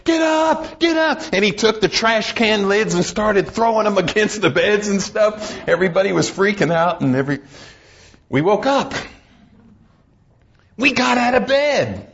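A middle-aged man preaches in a church with a high voice. He has a folksy, humorous way of telling stories. The recording sounds dull and lo-fi. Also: moderate pace, creaky, a bit bright. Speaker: pastor. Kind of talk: sermon.

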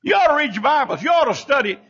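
An older man preaching a sermon with fervent emphasis, his voice leaping up and sinking low between phrases. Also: sing-song, fast talker, fairly bright tone, a little hiss or hum. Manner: fervent preaching, sudden rises and drops in pitch and volume. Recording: dull lo-fi recording.

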